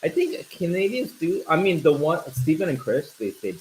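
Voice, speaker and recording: A man's voice: a little high, very animated, normal speed, darkish tone, a little hiss or hum, rough recording. A man co-hosting a live stream, chatting casually while cooking in a home kitchen with food sizzling behind him. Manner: chatty, playful, repeats words.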